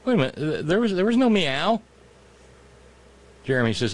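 A male talk show host delivers sarcastic political commentary, mocking his targets with profane asides. His voice sits high and leaps around expressively as he jokes. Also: big pitch swings, moderate pace.

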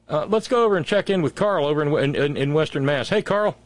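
A man's voice: on the high side, animated, a little fast, few pauses. Sarcastic, indignant male talk host. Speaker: radio show host. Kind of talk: radio talk commentary.

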